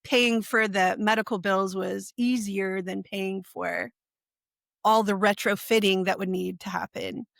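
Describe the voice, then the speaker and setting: A woman in her forties, a podcast guest, telling her personal story in a lively way and acting out what people said. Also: mid-range voice, measured pace, gravelly, dry recording, clean studio sound. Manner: animated, acts out quoted speech.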